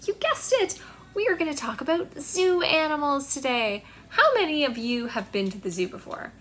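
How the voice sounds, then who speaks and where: A woman's voice: high voice, big pitch swings, normal speed, a bit bright, faint music behind. A young woman, a children's librarian, cheerfully talking young children through a storytime.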